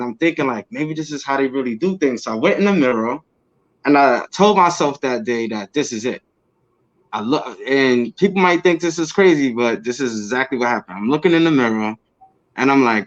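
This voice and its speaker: A man being interviewed, telling a personal story casually and acting out what he said back then with bursts of energy and laughs. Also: mid-range voice. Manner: animated, acts out his own past words with quick bursts and laughs. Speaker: interview guest. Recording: slightly dull lo-fi audio.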